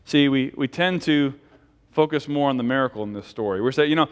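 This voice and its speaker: A man's voice: mid-range voice, a little fast, clean tone, big-room sound. A man giving a conversational sermon as pastor, asking the congregation questions and leading a closing prayer. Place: church sanctuary.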